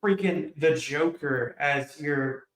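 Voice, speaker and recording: A man's voice: a little high, slow pace, a bit bright. Ranting man in an echoey room. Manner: heated, ranting, storytelling. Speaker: podcast co-host. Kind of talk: casual sports chat.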